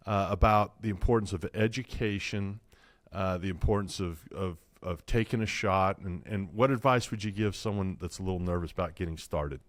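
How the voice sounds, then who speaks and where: A man's voice: on the low side, no echo, clean studio sound. A man hosting an interview, talking in a rambling, hesitant way with many fillers. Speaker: podcast host.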